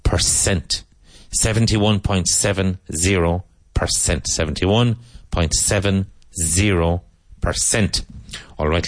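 A man teaching English vocabulary, reading each word and repeating it slowly, sometimes spelling it out letter by letter. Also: sits low, no room sound. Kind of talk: slow vocabulary drill lesson.

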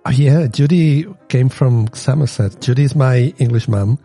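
A man chatting casually in English as a learner, speaking haltingly with many repeats and laughs. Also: medium pitch, mellow, faint music behind. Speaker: language learner in conversation. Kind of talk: casual chat.

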